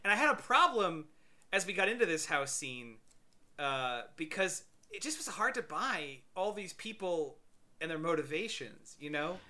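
A man's voice: fairly high pitch, sing-song, normal speed, bright, forceful tone. A man in casual chat reviewing a movie, rambling with stammered restarts.

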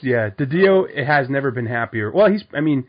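A man's voice: medium pitch, expressive, moderate pace. Podcast co-host, male, rambling and loose, full of ums, muffled lo-fi sound. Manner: rambling, lots of fillers and restarts. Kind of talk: casual comic book podcast chat. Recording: dull lo-fi audio.

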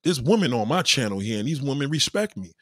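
A man's voice: mid-range voice, sing-song, quick pace, dry recording, studio quality. A man hosting a live stream, answering his chat in a blunt, profane and boastful way. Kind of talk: casual live-stream monologue.

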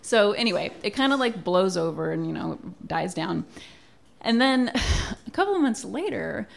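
Young woman doing a funny family story, lots of "like", bit of vocal fry, laughs as she goes. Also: mid-range voice, big pitch swings, moderate pace. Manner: chatty, wry, laughing through the story; frequent "like" fillers and acted quotes of family. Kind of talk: comic personal storytelling.

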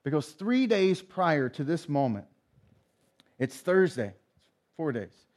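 A man's voice: a little high, sing-song, slow, a little mellow. A male pastor giving a sermon, retelling a story and acting out the characters' lines. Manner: storytelling, acts out voices in retelling.

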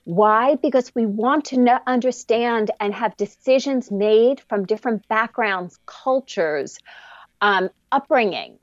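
A woman's voice: on the high side, a little slow, no echo, lo-fi sound. A businesswoman guest answering interview questions earnestly, telling stories and acting out quotes. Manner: earnest, storytelling, acts out quotes.

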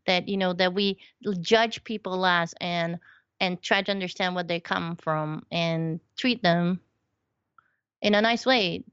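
A woman talks through her stories on a podcast, animated and playful, often slipping into the voices of the people she describes. The sound is a little dull and lo-fi, with a dry, close feel and no room around it. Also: on the low side, a little slow, smooth, no echo. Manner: animated storyteller, acts out quoted voices. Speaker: podcast guest. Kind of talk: casual conversation.

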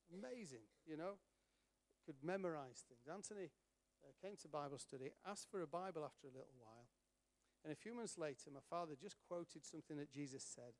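Middle-aged man, animated storyteller acting out quoted voices, fairly high voice. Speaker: speaker at a charity event. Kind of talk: storytelling talk.

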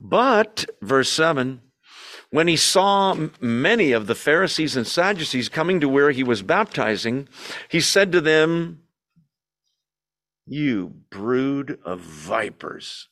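A man's voice: fairly high pitch, big pitch swings, unhurried, a bit bright. A man leading a Bible study in a church meeting room, speaking animatedly and asking and answering his own rhetorical questions.

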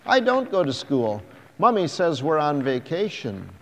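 A chatty little girl with a lilting, sing-song voice, as a man reading a story puts her on, pitched well above the reader's own tone and drawn out slowly. A faint gravelly edge lingers in the voice, and a long hall reverb trails each line. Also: wildly swooping pitch, muffled recording, exaggerated voice. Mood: cheerful.

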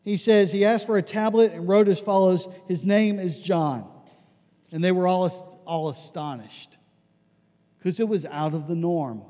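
Male pastor, conversational sermon, animated storytelling, high-pitched, long hall reverb. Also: moderate pace.

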